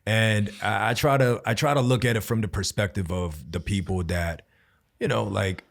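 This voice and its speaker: A man's voice: fairly low pitch, moderate pace, vocal fry. A man hosting a podcast, talking in a laid-back, slangy way in casual conversation. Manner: laid-back slangy talk with frequent laughs.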